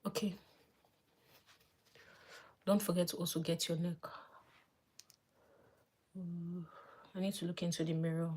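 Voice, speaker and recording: A woman vlogger chatting casually as she does her makeup live, thinking aloud and dropping to soft murmurs while she works. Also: lowish voice, little pitch movement, unhurried, pauses often, breathy edge. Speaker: beauty vlogger.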